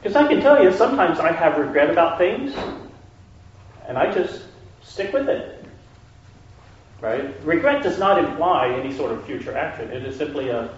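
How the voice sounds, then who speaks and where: A man leads a conversational Bible study and keeps checking in with his listeners. His pitch is lively and animated. He is recorded from a distance in a very echoey room, and the sound is dull. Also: normal speed, long pauses, a little hiss or hum. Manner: checks in with listeners, asks questions. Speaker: Bible teacher.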